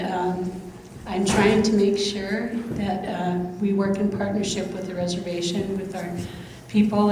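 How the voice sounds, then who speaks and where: A woman's voice: mid-range voice, a little mellow. A woman who sits on a conservancy board gives a short speech at a signing event. She sounds nervous and hesitant, with many ums. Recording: very echoey hall, faint background hum.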